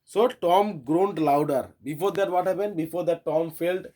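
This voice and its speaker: A man with a Bengali accent teaching an English lesson, reading a story aloud and pausing to explain words, with frequent restarts. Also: fairly high pitch, warm tone. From India.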